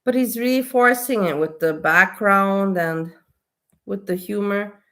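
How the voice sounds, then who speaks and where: A woman's voice: mid-range voice, unhurried, a bit bright. A woman giving blunt, dismissive commentary on a cooking video she is watching. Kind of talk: critical commentary.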